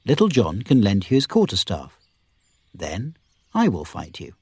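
A man's voice: fairly low pitch, wildly swooping pitch, unhurried, a little mellow, slightly rough, dry recording, clean studio sound, heavily acted. A man reading as a bold outlaw leader. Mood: commanding.

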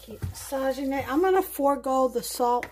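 A woman's voice: sits high, moderate pace, background noise. A woman with a New York accent hosting a casual cooking demonstration in her home kitchen, chatting and thinking aloud with many fillers. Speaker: home cook host.

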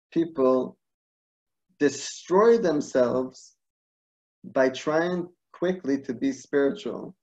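Man teaching over a video call. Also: medium pitch. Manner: animated, laughs at his own stories, searches for words. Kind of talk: storytelling online class. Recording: dull lo-fi video call audio.

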